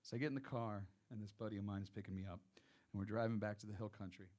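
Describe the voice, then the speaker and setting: A man's voice: lowish voice, very fast. Texan man telling stories on stage. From Texas. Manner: relaxed storytelling, drawls into quoted voices. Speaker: singer-songwriter. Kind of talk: casual stage banter between songs. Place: small music workshop venue, live session.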